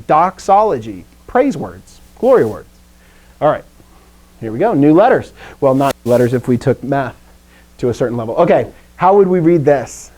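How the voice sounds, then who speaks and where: A man's voice: fairly high pitch, darkish tone, low-quality recording. A young man teaching a Greek class for adults, upbeat and self-deprecating, drilling words aloud for his students to repeat. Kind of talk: classroom lesson with call-and-response drills.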